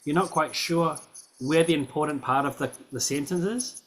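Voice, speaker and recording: A man's voice: on the high side, normal speed, fairly bright tone. A man giving a student feedback in a recorded piano lesson, encouraging, often checking in with "right?" and "yeah?". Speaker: piano teacher.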